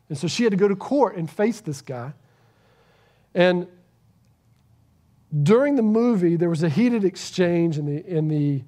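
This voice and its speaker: A man with a high, light voice preaching a sermon in a church. He is earnest, pushing some lines out loudly and dropping others to a hush that is almost a whisper. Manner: earnest, swings from loud emphasis to hushed near-whisper. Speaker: pastor.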